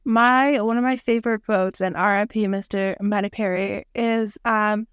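A young adult woman co-hosting a podcast, bubbly and chatty, quick to throw in pop-culture quotes. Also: medium pitch, steady tone, a bit bright, clear, resonant tone, dry recording, studio quality. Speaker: podcast co-host. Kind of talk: casual chat.

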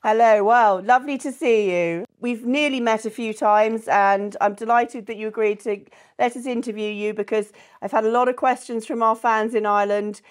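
A woman's voice: a little high, fairly even intonation, normal speed, few pauses. A woman hosting an interview, introducing her guest and asking questions in an enthusiastic, chatty way. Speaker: interviewer, festival host.

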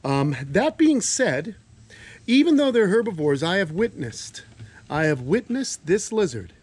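A man's voice: mid-range voice, a little mellow. A man hosting a casual vlog outdoors among animal enclosures, easygoing and chatty, talking to his reptiles as he goes. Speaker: reptile keeper and channel host.

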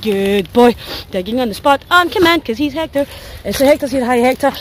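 Briskly and in a high voice, with a little hiss or hum on the recording, a woman from Scotland vlogs a woodland walk with her dogs. Worn out and aching, she rattles on to her phone, curses freely, and speaks for her dogs.

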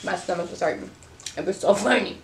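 A woman co-hosting a casual chat, telling an old family story with animated delivery and frequent laughter. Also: lowish voice, quick pace. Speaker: co-host. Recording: echoey room with faint noise.

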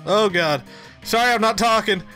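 Gamer reacting to a story game, giggles a lot, bright voice, dry close mic with music under it. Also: mid-range voice, moderate pace. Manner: giggly, reacts aloud while reading lines. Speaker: let's player. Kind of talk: gameplay commentary.

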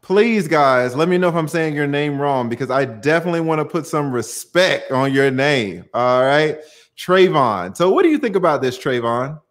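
Chatty, animated, fairly high-voiced man. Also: moderate pace. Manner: animated, chatty, frequent "uh" fillers. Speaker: host of a live-stream panel. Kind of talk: casual live-stream chat.

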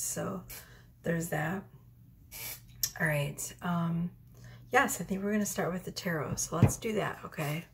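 A woman in her thirties giving a casual tarot reading at home, chatty and rambling, with soft whispered asides. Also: lowish voice, creaky, a little hiss or hum. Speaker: tarot reader. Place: home room.

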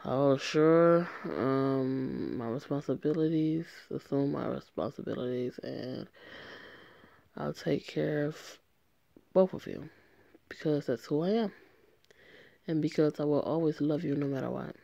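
Woman voicing a young male gang member, remorseful, tender, earnest, gravelly, dry sound. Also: low-pitched, a little slow, warm tone, no room sound, highs cut off. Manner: earnest, emotional read-aloud. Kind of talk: reading a story game aloud.

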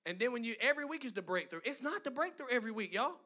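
A high-pitched man delivering a sermon in a bright, cutting tone. He builds emphatic runs of phrases, then turns to chatty asides aimed at his listeners. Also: very animated, racing. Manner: emphatic preaching with rising, driving lists; conversational asides to the congregation. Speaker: pastor.

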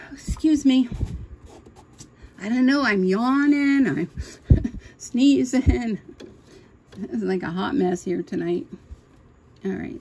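A middle-aged woman talks her viewers through a machine embroidery project in a relaxed, rambling way, thinking aloud as she goes. A sewing machine hums and rattles clearly behind her in a home room. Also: mid-range voice. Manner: chatty, thinking aloud while she works. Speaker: sewing channel host. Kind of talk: casual machine-embroidery tutorial. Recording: noisy home recording with machine hum. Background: sewing machine running.

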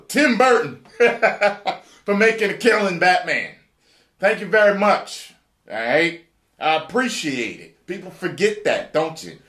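A man giving excited, profane, rambling video commentary and reading an article aloud. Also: high voice. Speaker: YouTube commentator. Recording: roomy echo.

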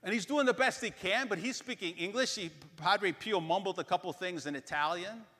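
A man giving a parish mission talk, telling a story in an animated way and acting out the voices of the people in it. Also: sits high, brisk, in a large hall. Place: church.

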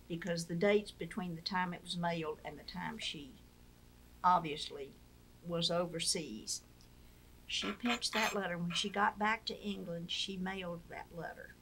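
Her voice runs on the low side, a bit bright, with fairly even intonation and a normal speed, and there's slight background noise. She's an older Mississippi woman married to a former POW, relating stories in a conversational interview and performing the voices she quotes.

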